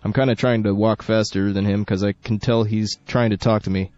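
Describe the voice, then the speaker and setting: A man's voice: lowish voice, steady tone, a little fast, a little mellow. A young man hosting college radio, rambling, joking and correcting himself while he reads a story. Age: young adult. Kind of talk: casual radio chat and reading a story. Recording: dull dry lo-fi studio with faint music.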